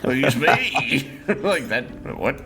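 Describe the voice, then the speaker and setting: A co-host chatting casually through a game session, laughing easily and slipping into silly voices. The pitch rises and falls freely. Faint game music plays underneath. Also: very animated, drawn-out words, fairly bright tone. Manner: playful, laughs often, drifts into silly voices. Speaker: podcast co-host playing a video game. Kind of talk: casual chat while gaming.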